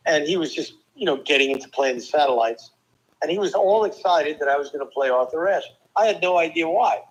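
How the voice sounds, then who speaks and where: An older man from New Jersey, a former tennis player and guest, telling lively stories with quick asides and restarts. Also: fairly high pitch, poor audio. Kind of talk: casual storytelling interview.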